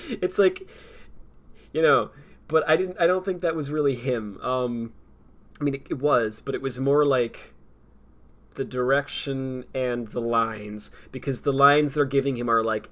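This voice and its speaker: A man's voice: mid-range voice, moderate pace. A young man chatting casually on a stream, rambling and laughing often. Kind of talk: casual chat.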